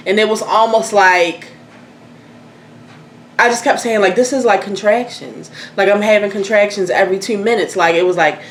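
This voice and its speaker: A young woman telling a personal story in casual chat, candid and animated, swearing freely. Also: mid-range voice, normal speed, long pauses. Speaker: host. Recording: echoey room, faint noise.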